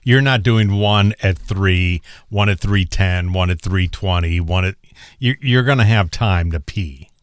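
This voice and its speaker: Low-voiced teasing man co-host. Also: measured pace, clean tone, dry recording, studio quality. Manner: teasing and joking. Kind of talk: casual podcast chat.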